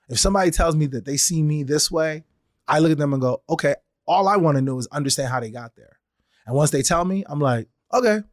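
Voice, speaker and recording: A man's voice: on the high side, no echo, clean studio sound. A man hosting a podcast, talking through his thoughts in a conversational way and acting out little exchanges as he tells them. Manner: conversational, acts out quoted exchanges in changing voices. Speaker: podcast host. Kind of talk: solo podcast monologue.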